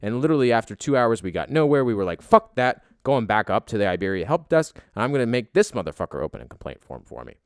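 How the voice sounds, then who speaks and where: A man's voice: on the low side, big pitch swings, fast, few pauses, clean tone, dry recording, studio quality. A young man telling a story as a casual, exasperated rant, swearing heavily.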